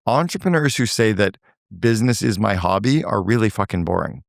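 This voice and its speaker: A man's voice: fairly low pitch, lively intonation, fairly quick, gravelly, dry recording, clean studio sound. An older man giving blunt, emphatic advice as a guest in a podcast interview, swearing for emphasis.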